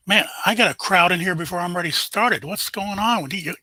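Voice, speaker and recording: A man's voice: high voice, fairly quick, few pauses, sharp tone, dry recording, rough recording. An older man, hosting a casual live stream, chatting and greeting viewers by name.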